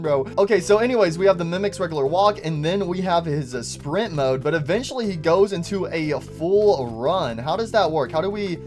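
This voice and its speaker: Excitable young man doing game commentary. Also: sits high, a little fast, hardly any pauses, soft background music. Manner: excitable, says "bro" often. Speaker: gaming YouTuber. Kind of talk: casual gameplay commentary.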